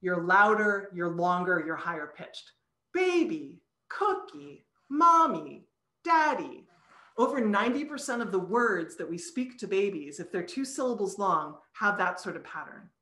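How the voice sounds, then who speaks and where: A woman's voice: fairly low pitch, animated, normal speed, few pauses, sharp tone, echoey room. A woman, a psychology professor, giving a talk over a video call and explaining ideas patiently, sounding out syllables as examples. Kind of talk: recorded online lecture.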